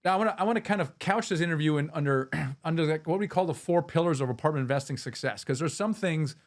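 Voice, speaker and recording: Man, upbeat interviewer, rapid speech, higher-pitched, keeps restarting phrases. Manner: enthusiastic, restarts phrases often. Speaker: podcast host. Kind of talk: interview conversation.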